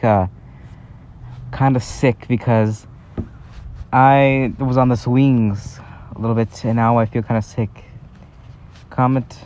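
A man with a lowish, mellow voice rambles through a casual vlog, drifting from thought to thought with many fillers and small restarts. He records outdoors in a park on a handheld phone, so the sound is dull and lo-fi, with a faint breeze behind him. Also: a little hiss or hum. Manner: rambling, chatty, halting with fillers. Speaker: vlogger. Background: faint breeze and park ambience.

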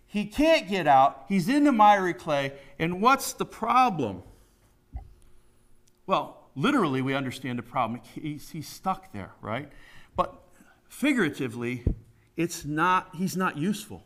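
Folksy preacher man, higher voice. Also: sing-song, measured pace, a bit bright. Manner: asks the congregation questions, emphatic, folksy. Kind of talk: conversational sermon.

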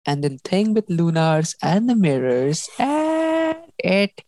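A young woman in casual book chat, animated and laughing often as she acts out lines. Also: lowish voice, slow, hardly any pauses, dry recording. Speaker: book discussion host.

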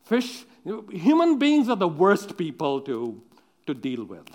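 High-voiced man preaching, halting and chatty. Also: huge pitch swings, a little mellow. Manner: halting, full of restarts and ums, conversational; addresses listeners directly with questions. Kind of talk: sermon.

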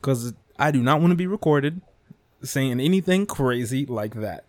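A man's voice: mid-range voice, animated, moderate pace, a little mellow, dry recording. A man hosting his podcast, ranting with heavy swearing and tagging lines with "dude" and "okay?", recorded close on a mic without a pop filter. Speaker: podcast host. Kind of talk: profane comedic rant. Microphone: close desk mic without pop filter.

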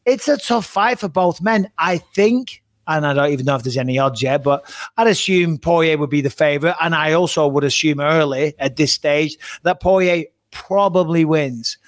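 A man's voice: on the high side, moderate pace, dry recording, studio quality. A man hosting a podcast, chatting casually about fights, swearing freely and correcting himself as he goes. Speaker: podcast host. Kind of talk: casual chat.

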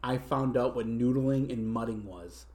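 A man's voice: medium pitch, normal speed, darkish tone. A young man from Massachusetts, telling a rambling, self-mocking story in casual chat and laughing as he goes.

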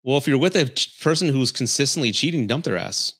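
A man's voice: mid-range voice, lively intonation, quick pace, a bit bright, slightly rough. A man hosting a podcast, giving blunt, candid relationship advice in a casual chat while reading viewer comments. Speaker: podcast host.

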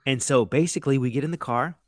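Loose, profane chef telling kitchen stories. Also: male voice, mid-range voice, quick pace, no echo, studio quality. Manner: loose, profane, full of "like" and "you know". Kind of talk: casual storytelling chat.

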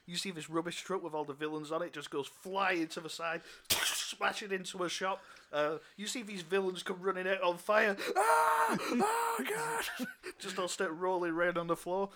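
A man's voice: high-pitched, fairly even intonation, moderate pace, heavy background noise. A man narrating a tabletop game as game master, loose and chuckling with many fillers.

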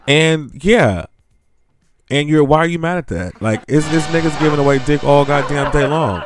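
This male podcast host sits on the high side at a moderate pace, with music playing behind him. Animated and sassy, he gossips and rants with blunt profanity, frequently laughing while he talks.

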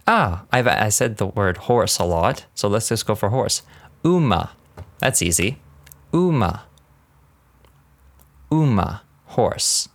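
A man giving a casual podcast language lesson, rambling and laughing often, drilling words slowly. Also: deep voice, dry recording. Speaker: language teacher.

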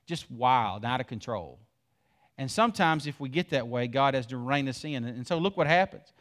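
A man's voice: on the high side, fairly bright tone. A man preaching a folksy sermon, asking the congregation questions and rising in volume to stress points. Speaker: pastor.

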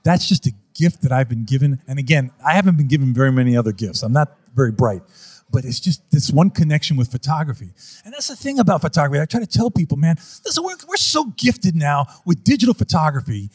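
Man, interview guest, fast and emphatic, very lively pitch, acts out voices. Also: slightly rough. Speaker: wildlife photographer guest. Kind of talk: animated interview storytelling.

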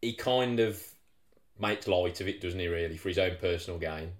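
His lower voice and moderate pace carry a casual podcast chat, where this male co-host tells stories animatedly and acts out quotes. He swears a lot, and the room is echoey.

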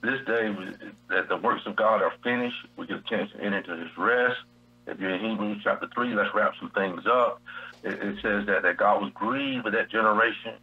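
A man's voice: fairly low pitch, brisk, breathy edge, highs cut off. A man teaching from the Bible in a preacherly style on a radio show, repeating his key phrases. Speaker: guest preacher.

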